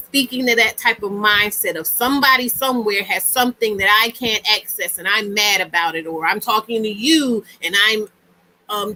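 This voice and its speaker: A woman hosts a casual live stream in a bright, forceful voice. She talks in a chatty, emphatic way, circling back to her points and asking if you follow. Her pitch sits a little high. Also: low-quality recording. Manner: chatty, emphatic, repeats herself. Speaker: host.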